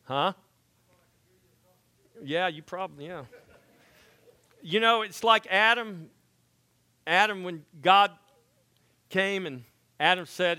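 A man preaching a sermon as pastor, swinging from hushed passages to loud exhortations, with folksy joking asides. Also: sits high, slow pace, pauses often, clean tone, dry recording.

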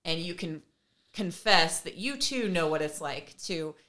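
A woman co-hosting a podcast, telling a parenting story in a casual, animated way and acting out the conversations. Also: on the low side, measured pace. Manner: animated, acts out remembered conversations with laughs. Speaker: podcast co-host and mother.

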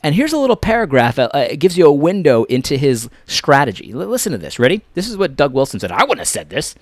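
A man delivering fiery commentary with a fairly high, very lively voice that jumps between forceful emphasis and hushed, almost whispered asides. He hammers the same points over and over in a preachy way. The sound is dry and close, with no room around it. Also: fast, no echo. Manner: preachy, repetitive, swings between loud emphasis and near-whispers. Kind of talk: impassioned commentary.

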